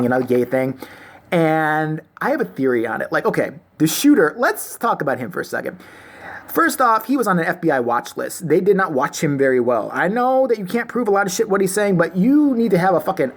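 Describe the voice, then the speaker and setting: A woman vlogger delivering an angry, crude, sarcastic opinion rant to the camera. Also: sits low.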